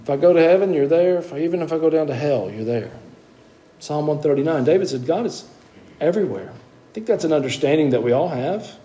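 A man preaching a sermon, moving between hushed asides and emphatic, high-pitched exclamations. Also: lively intonation, brisk.

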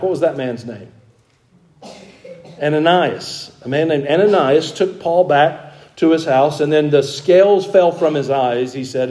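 A man preaching a sermon, pausing for emphasis and adding wry, humorous asides. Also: on the high side, darkish tone. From American South. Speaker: pastor.

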